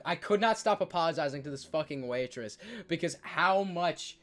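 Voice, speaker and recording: Chatting casually, a young man who streams spins stories with excited stammering and loud impressions of what people told him. He speaks briskly, slightly high-pitched, with few pauses.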